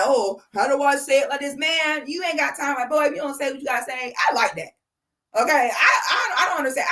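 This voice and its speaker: On her livestream, a woman in her 30s rants through casual commentary with blunt, sassy, foul-mouthed energy. Her pitch is fairly high, her tone bright and forceful.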